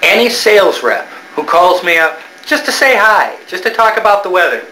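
A man's voice: high voice, sing-song, moderate pace, bright, forceful tone, echoey room, a little hiss or hum, low-quality recording. A man, an author, making a hammy, over-the-top comic promo video.

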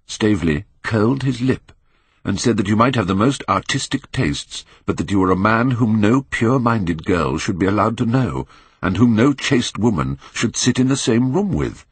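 A grave Victorian painter, pleading urgently with a friend , as a male reader puts him on. His voice sits low and husky yet swings widely in pitch. Dry, close recording. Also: expressive, normal speed, no room sound. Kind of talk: audiobook character reading.

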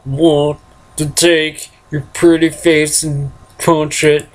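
A man's voice: a little high, little pitch movement, slow. A man hosting a game let's play, rambling casually and chuckling to himself as he plays. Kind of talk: casual gameplay commentary.

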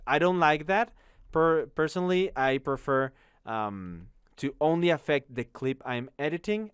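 A man teaching an online course, walking through a software tutorial in an upbeat, chatty way, often saying "okay?" after each step. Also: mid-range voice, clear, resonant tone, no echo, studio quality. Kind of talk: screen-recorded software tutorial.

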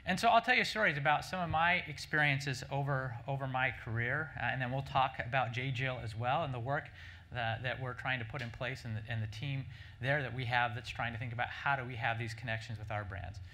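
A middle-aged man gives a keynote talk at a breakfast event, moving briskly through an anecdote. His voice is bright and forward, and his speech is full of quick restarts and "right?" checks to the audience. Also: mid-range voice. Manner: animated anecdote-telling with many restarts and "right?" asides. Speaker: marketing executive speaker. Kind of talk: conference keynote storytelling.

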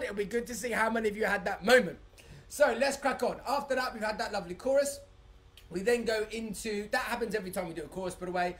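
A man leading a live-streamed dance tutorial, excitable and chatty, reading out viewer comments and breaking into high whoops. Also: quick pace, reverberant, recorded from a distance. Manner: bursts into high shouts and whoops. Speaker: dance workshop leader.

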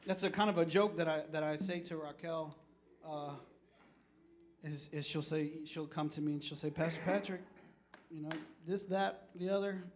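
A male pastor with a notably high voice gives a short sermon to his congregation. He talks plainly to them one moment and climbs into loud, fervent declarations the next, repeating phrases as he presses his point. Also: fairly even intonation, normal speed, a little hiss or hum. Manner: preachy, rising to shouts and dropping low, repeats himself.

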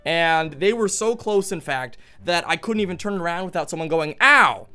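A man's voice: on the high side, normal speed, a bit bright, smooth, faint music behind. A man giving goofy, jokey commentary while playing a video game, exclaiming and talking to other players as he goes. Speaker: gaming YouTuber.

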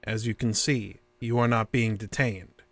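A stiff, formal interrogator. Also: male voice, lowish voice, a little slow, no echo. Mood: calm. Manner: flat, formal, repetitive phrasing. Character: calm, stiff male interrogator, unsettling. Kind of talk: audio drama acting.

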